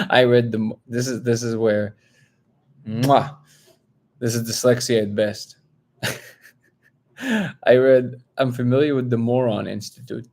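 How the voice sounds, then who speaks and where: A man from Russia hosting a casual live stream, reading viewer comments aloud and telling a story with lively, high-pitched quotes of other people. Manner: animated storyteller, jumps up in pitch when quoting others. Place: home, living in LA.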